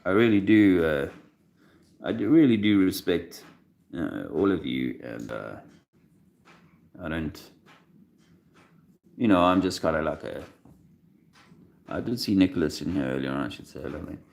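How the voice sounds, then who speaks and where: A man hosting a casual livestream, talking in a halting way full of restarts and fillers, soft-spoken and emotional at times. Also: low-pitched, expressive, gravelly. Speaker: video host. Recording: echoey room with faint noise.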